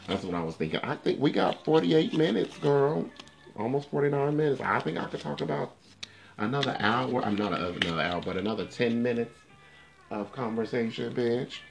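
A man's voice: mid-range voice, animated, normal speed, creaky. A man hosting a casual livestream, sassy and swearing freely as he talks straight to his viewers. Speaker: livestream host. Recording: faint music in the background. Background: faint music.

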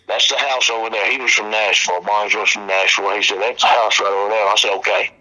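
A man with a drawl and a very bright, forceful voice. He talks as a bounty hunter spinning casual stories in an interview, loose and colloquial, and acts out the people he quotes. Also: lowish voice, steady tone, fast talker, rough recording.

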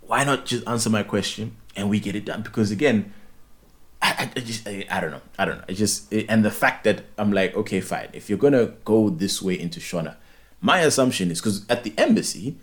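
A man's voice: fairly low pitch, expressive, a little fast. A young Zimbabwean man whose first language is Ndebele, telling a story in casual chat and acting out both sides of a phone call.

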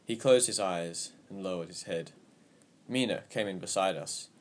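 A man with a fairly low voice reads a story aloud in a steady, even manner. His narration stays calm and measured from line to line, and he keeps the telling plain and clear. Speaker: audiobook narrator. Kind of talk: scripted narration.

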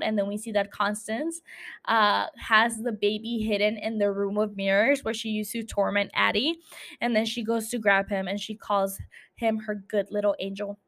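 A woman's voice: mid-range voice, fairly bright tone. Chatty swearing woman recapping a show. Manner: chatty, swears, laughs, lots of fillers. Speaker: podcast host recapping a TV series. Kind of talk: casual recap podcast.

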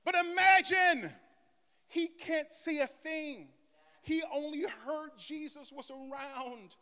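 Male pastor, high voice, dramatic call-and-response preaching, long hall reverb. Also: takes it slowly. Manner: dramatic preaching with swings between soft asides and loud cries. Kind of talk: sermon.

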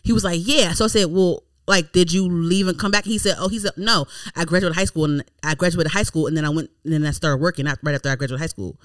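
Animated woman host telling a story. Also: on the low side, no room sound. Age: 30s. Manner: animated storytelling, quick and exasperated. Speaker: podcast host. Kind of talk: casual chat.

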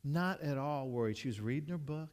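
A pastor gives a conversational sermon in a slightly high, animated voice with a darkish tone and a fairly quick pace. He tells stories earnestly, often restarting and repeating his words, and a large hall adds long reverb.

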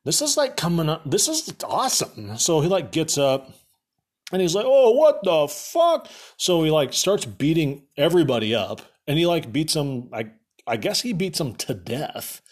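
A man's voice: on the high side, big pitch swings, normal speed, slightly rough. A young man casually recapping a movie for laughs, rambling with lots of fillers and sarcastic asides.

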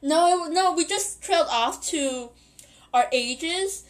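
A woman's voice: very high-pitched, expressive, slow pace. A woman in her twenties hosting a podcast, telling a story in a rambling, giggly way and correcting herself often. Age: 20s. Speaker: podcast host.

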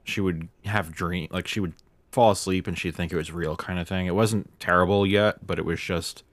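A man's voice: low voice, steady tone, moderate pace, no echo. A young man telling a rambling story in casual chat, amused and often laughing. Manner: rambling, amused, acts out quoted voices.

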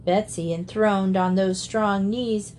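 Woman, storybook reader, mid pitch, faint hiss behind. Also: fairly even intonation, slow, a little mellow. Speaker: audiobook reader. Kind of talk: storybook narration.

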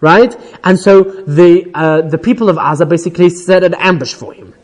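A man's voice: sits high, normal speed. A man teaching an informal Bible class, retelling the story with energy, quoting Hebrew verses and checking in with "right?" as he goes. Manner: animated storytelling, quotes Hebrew verses then paraphrases, frequent "right?".

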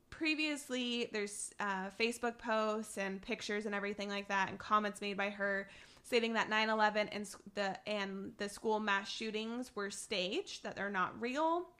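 A woman's voice: mid-range voice, sharp tone. A young woman co-hosting a casual political chat podcast, talking in a chatty way with many fillers and restarts.

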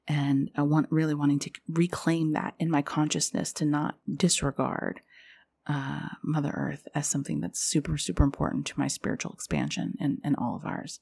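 Podcast host: young woman, low gravelly voice, loose confessional rambling. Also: steady tone, moderate pace, darkish tone. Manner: rambling, confessional, heavy use of "like". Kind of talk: casual spiritual podcast monologue.

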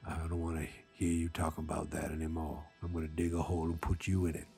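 A man putting on the voice of a gruff, menacing veteran male wrestler with a slow, threatening growl. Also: extremely low pitch, flat delivery, mellow, faint music behind, voice pushed down.

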